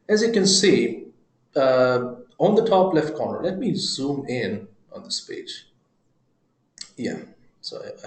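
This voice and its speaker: A man giving a screen-recorded software demo, talking his viewers through it with joking, chuckling asides. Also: mid-range voice, echoey room. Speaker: software presenter.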